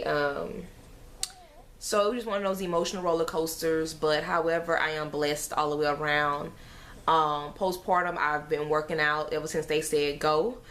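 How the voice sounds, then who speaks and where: A woman's voice: low-pitched, fairly bright tone, a little hiss or hum. A woman, a mother, chatting to camera in a rambling, emotional way with sighs and fillers. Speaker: mother vlogger. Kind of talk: casual chat to camera.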